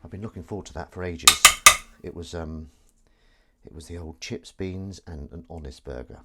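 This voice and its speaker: A man's voice: low voice, normal speed, very noisy. A man hosting a live stream from his kitchen sink, rambling jokily and self-aware as he does the washing up. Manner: chatty, self-aware, jokey. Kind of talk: casual rambling monologue. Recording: clattering dishes and cutlery behind.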